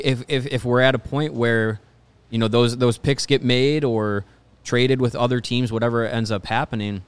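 A man co-hosting a sports show in a studio, thinking aloud in a halting way and repeating words as he goes. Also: mid-range voice, clear, resonant tone. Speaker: sports podcast co-host. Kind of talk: casual sports chat.

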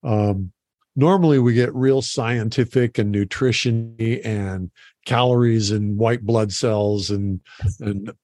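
A man's voice: on the low side, fairly even intonation, slow, darkish tone, no room sound. A man hosting a podcast, easygoing and full of small fillers as he wraps up the talk. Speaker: podcast host. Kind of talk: casual interview chat.

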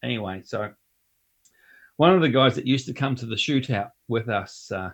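A man's voice: mid-range voice, normal speed, a bit bright. A man with a New Zealand accent telling funny anecdotes in casual chat, laughing often and acting out other people's lines. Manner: laughs often while telling anecdotes, acts out voices in quotes.

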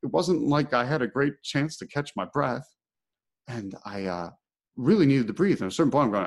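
Man telling a lively personal story. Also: mid-range voice, a little fast. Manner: animated, acts out his own inner thoughts. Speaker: podcast host. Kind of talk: storytelling in casual conversation.

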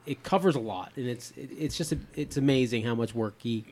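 A man's voice: medium pitch, a little fast, darkish tone. A man in his fifties hosting a podcast, rambling casually with many restarts. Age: 50s. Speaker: podcast host. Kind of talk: casual chat.

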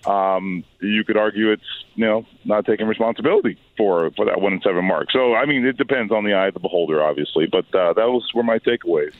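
A hoarse man with a raspy voice, a sports reporter on a phone-in radio interview, thoughtful and hesitant with many fillers and restarts. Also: fairly low pitch, fast talker, no echo. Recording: phone line.

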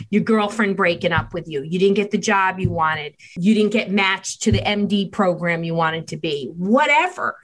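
A middle-aged woman, a child mental health expert, talking in a podcast interview and acting out family conversations as she tells them. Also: medium pitch. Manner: animated storytelling, acting out dialogue.

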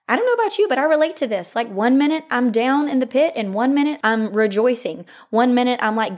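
A woman's voice: a little high, animated, brisk, hardly any pauses, darkish tone. A young woman hosting a faith podcast, earnest and chatty, with frequent laughs and lots of "like", who reads scripture aloud. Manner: earnest and chatty, laughs often, says "like" a lot. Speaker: podcast host. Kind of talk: faith-based podcast talk, reading scripture.

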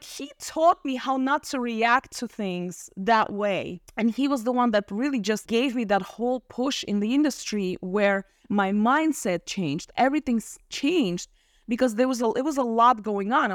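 A woman around forty, a podcast guest, telling her story in a lively chat and acting out quotes. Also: on the high side, normal speed, dry recording, studio quality. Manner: animated, acts out quotes with laughs. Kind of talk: casual storytelling interview.

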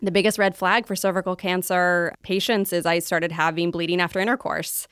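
A woman's voice: lowish voice, fairly even intonation, a little fast, a bit bright, smooth, no room sound, clean studio sound. A woman in her thirties, a podcast guest telling her story in an open, upbeat way. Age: 30s. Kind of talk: casual interview chat.

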